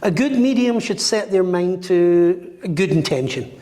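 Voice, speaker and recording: Speaking a little slowly in a high voice, a man appears as a psychic medium guest on a podcast. He tells his stories animatedly and acts out the voices in them, recorded in a roomy space with long reverb.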